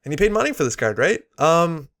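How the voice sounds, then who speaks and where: A man's voice: a little high, big pitch swings, fairly quick, a bit bright. A man giving casual, opinionated commentary while unboxing and reviewing game cards, with frequent fillers. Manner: chatty, opinionated, many fillers.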